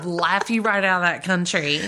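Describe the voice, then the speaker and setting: A woman's voice: lowish voice, moderate pace, bright, forceful tone, slight background noise. A woman with a Southern American accent, chatting and gossiping casually as a podcast co-host, with lots of fillers and laughter. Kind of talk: casual celebrity gossip chat.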